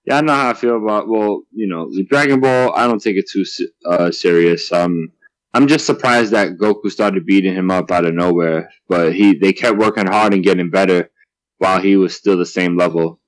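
A man's voice: low-pitched, normal speed, no echo, poor audio. A man in casual chat, easygoing, asking questions and thinking aloud. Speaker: podcast co-host.

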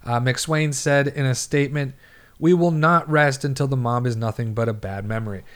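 A young man co-hosting a casual podcast, reading news stories aloud with a joking, irreverent edge. His voice sits at an ordinary middle pitch. He swears freely and trips over words as he reads. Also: moderate pace, fairly bright tone. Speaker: podcast co-host.

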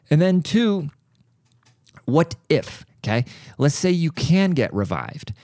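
A man's voice: medium pitch, no echo, clean studio sound. A middle-aged man hosting a podcast, telling a rambling, profane story in a casual monologue. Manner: rambling, profane, animated asides. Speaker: podcast host.

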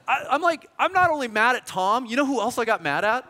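A man's voice: very high-pitched, wildly swooping pitch, fast, few pauses, pushed and bright. A man preaching a sermon in a church hall, telling stories animatedly and acting out quoted voices. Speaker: pastor.

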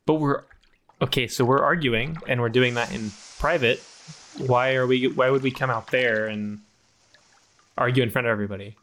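A man's voice: mid-range voice, steady tone, normal speed, fairly bright tone, slight background noise, natural voice. A man voicing a petty male chipmunk who nags and needles his partner in improv comedy. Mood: needling. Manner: nagging, needling, argumentative. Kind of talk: improv comedy role-play.

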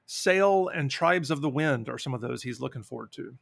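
A man's voice: mid-range voice, normal speed, gravelly, no room sound. A man co-hosting a board game podcast, chatting casually and jokingly reading out listener responses. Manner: relaxed, joking, reads listener responses aloud. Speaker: podcast co-host. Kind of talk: casual chat.

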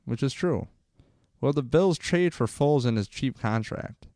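A man's voice: mid-range voice, lively intonation, a little slow, dark tone, no room sound, clean studio sound. A man hosting a live sports podcast, chatting casually, rambling and getting fired up, with frequent swearing. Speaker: podcast host. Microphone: close microphone.

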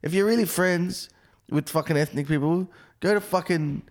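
A young adult man, a comedian guest on a podcast, telling animated stories bluntly and swearing constantly. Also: a little high, moderate pace. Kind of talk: casual podcast chat, storytelling.

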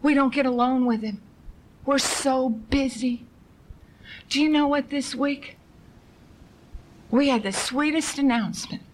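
A woman's voice: high-pitched, a little slow, pauses often, rough recording. A woman preaching an urgent, impassioned sermon, pressing her listeners with rhetorical questions and pleading repetition.

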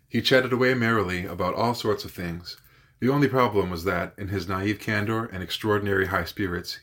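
Male guest reader, low, husky, steady novel narration with occasional self-corrections. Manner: measured, with occasional slips and corrections. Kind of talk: audiobook narration.

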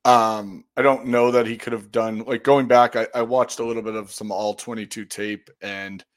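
A man speaks at normal speed in a lowish, level voice while co-hosting a podcast. The conversation is casual, and he rambles thoughtfully with fillers and restarts.

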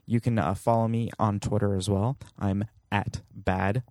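A man's voice: fairly low pitch, little pitch movement, unhurried, a little mellow, no room sound, clean studio sound. A man in his thirties hosting a podcast, talking casually with jokey, self-deprecating asides. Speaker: podcast host.

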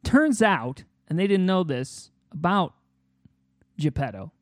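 A man improvising a silly film pitch in casual chat, halting with many fillers and restarts. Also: very animated, dry recording, clean studio sound.

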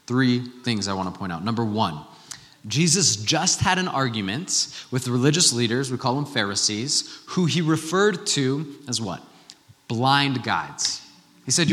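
A man in his thirties delivering a church sermon in a bright, forceful voice. He talks in a loose, conversational way and throws rhetorical questions at the congregation. The sound carries a long reverb from the church hall. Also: medium pitch, lively intonation, a little slow. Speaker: pastor.

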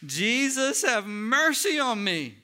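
A man preaching a sermon, voicing a desperate blind beggar who cries out for mercy in a high, loud voice. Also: very animated, measured pace, exaggerated voice. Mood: crying out.

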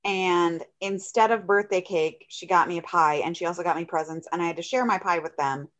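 A woman's voice: lowish voice, fairly even intonation, a little fast, a bit bright. Chatty woman telling a story. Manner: chatty, rambling storyteller with fillers. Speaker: podcast co-host. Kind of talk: casual storytelling chat.

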